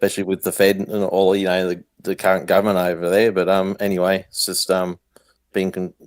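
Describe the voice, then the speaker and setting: A man's voice: low voice, monotone, fairly quick, dry recording. A man with an Australian accent chatting casually as a caller, hesitant with many ums. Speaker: viewer calling in. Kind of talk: casual chat.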